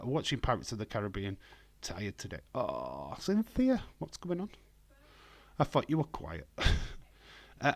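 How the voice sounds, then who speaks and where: A man with a hoarse voice, hosting a casual live stream from home and talking in a blunt, rambling way. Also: medium pitch. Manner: blunt, rambling, profane, reads chat aloud.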